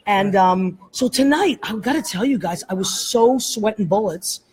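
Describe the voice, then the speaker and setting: A woman's voice: mid-range voice, lively intonation, normal speed, a little mellow, poor audio. A woman hosting a casual talk show, chatting in a rambling way and laughing often. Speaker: host. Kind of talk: casual chat. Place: airport, live streamed on camera.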